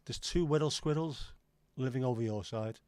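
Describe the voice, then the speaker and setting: A man's voice: mid-range voice, moderate pace, a little mellow, clean tone, no echo. A man hosting a livestream, rambling and joking as he chats with viewers and swears casually. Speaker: livestream host. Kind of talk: casual chat reading viewer comments.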